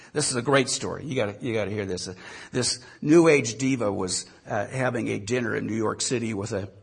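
A man's voice: medium pitch, gravelly, slightly rough. A male pastor giving a sermon, telling a story with animation and often repeating words.

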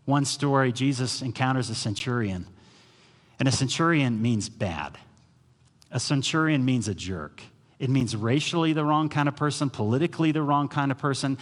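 A male pastor delivers a sermon in a mid-pitched voice, weaving stories and acting out the voices of the people in them. His words ring out with a long reverb, as in a large church sanctuary. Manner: storytelling preacher, acts out quoted voices.

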